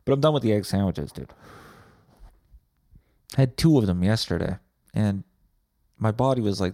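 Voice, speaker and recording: A man's voice: on the low side, lively intonation, moderate pace, creaky, pauses often, dark tone, dry recording, clean studio sound. A man hosting a podcast, ranting in a crude, heavily profane casual monologue. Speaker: podcast host.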